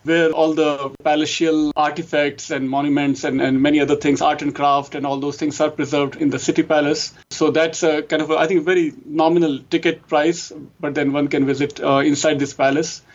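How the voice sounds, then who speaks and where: An Indian-accented man with a somewhat high voice, talking as a guest in a relaxed conversation. He chuckles often and says yes again and again. The recording sounds muffled and lo-fi. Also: fairly quick, few pauses. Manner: frequent laughs and repeated yeses. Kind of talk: casual conversation.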